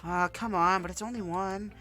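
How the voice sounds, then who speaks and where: A man putting on a bubbly, whiny teenage schoolgirl from a visual novel game, pitched well above his own voice, with a bright, forceful tone. She pleads and teases playfully, and her nose sounds stuffy and congested. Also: fairly even intonation, moderate pace, faint music behind. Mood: pleading cheerful.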